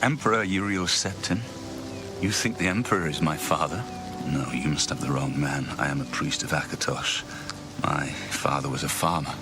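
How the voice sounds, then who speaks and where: Deep down in the very lowest register, this weary young priest from a video game speaks quietly, with a gritty, trembling edge. He sounds grave and full of doubt, and strong music swells behind him. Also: moderate pace. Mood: disbelieving. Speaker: game character.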